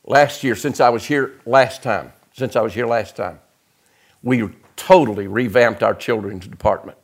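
A middle-aged man preaching an impassioned sermon in a church, swinging between loud shouts and quiet, close asides. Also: medium pitch, normal speed. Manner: preaching with rising shouts and sudden drops to quiet. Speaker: guest preacher. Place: church sanctuary.

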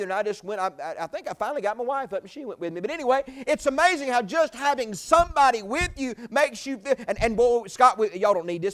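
A man, preaching a sermon in a folksy storytelling way, jumping from loud exclamations to quiet asides. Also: high voice. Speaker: pastor.

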